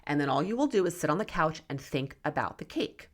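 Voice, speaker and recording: A woman's voice: low-pitched, lively intonation, fairly quick. A young adult woman hosting a solo podcast, talking in an emphatic, worked-up, tough-love way. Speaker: podcast host, nutrition coach. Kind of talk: passionate solo podcast talk.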